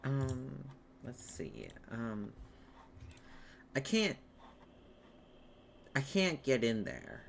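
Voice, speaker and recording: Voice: mid-range voice, sing-song, extremely slow, gravelly, pauses often, slight background noise. A player in casual chat at a tabletop game, swearing and laughing easily.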